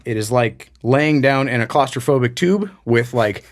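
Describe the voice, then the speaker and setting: A man on a podcast, telling a story in a relaxed, chatty way. He slips into other people's voices as he goes, and his pitch sits in an ordinary middle range. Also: normal speed. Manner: animated storyteller, acts out quoted people. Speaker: podcast co-host. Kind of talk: casual storytelling chat.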